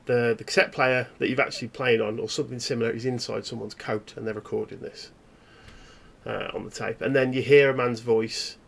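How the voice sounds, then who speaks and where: A man narrating a tabletop horror game as game master, in halting, descriptive storytelling. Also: mid-range voice, fairly even intonation, vocal fry, a little hiss or hum.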